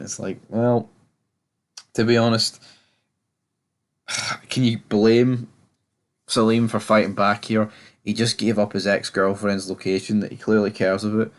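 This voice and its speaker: A man giving a casual, rambling review of a TV episode, often stammering and repeating words. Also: on the low side. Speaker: TV show reviewer.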